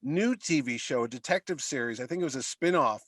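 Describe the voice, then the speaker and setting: A middle-aged man co-hosting a podcast, chatting casually and telling animated, rambling stories. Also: medium pitch, brisk, no room sound. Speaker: podcast co-host. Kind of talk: casual chat.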